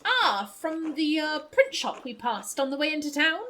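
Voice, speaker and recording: A woman's voice: high-pitched, sing-song, extremely slow, sharp tone, slight background noise, exaggerated voice, rough recording. A woman voicing a courteous male traveling musician in a posh, formal way, for a narrative video game.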